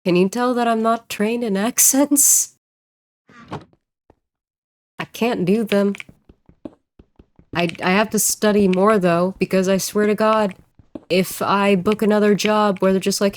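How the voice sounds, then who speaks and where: A woman streamer and voice actor chatting casually while she plays, rambling and joking and quick to laugh. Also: mid-range voice, slight background noise. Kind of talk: casual livestream chat while gaming.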